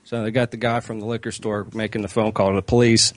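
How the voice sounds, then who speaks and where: A man's voice: lowish voice, level tone, fast talker, no room sound. A man on a comedy podcast, casually telling a profane anecdote and acting out quotes along the way. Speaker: regular podcast panelist.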